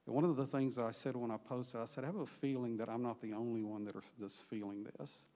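A man in a church sanctuary gives a personal testimony and reads scripture aloud. He talks haltingly, with fillers and restarts, at a middling pitch. A long church reverb trails after his words. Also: steady tone, mellow. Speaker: church member sharing a testimony.

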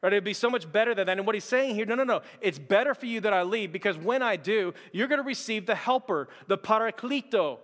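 A man's voice: high voice, animated, quick pace, hardly any pauses, fairly bright tone, big-room sound. A pastor preaching a sermon to his church in a conversational, emphatic way, with repeated words and casual fillers.

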